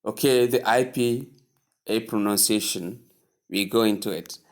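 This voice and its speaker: A man teaching English pronunciation, repeating each word slowly and asking the listener to say it after him. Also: fairly low pitch. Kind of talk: slow, deliberate spoken lesson.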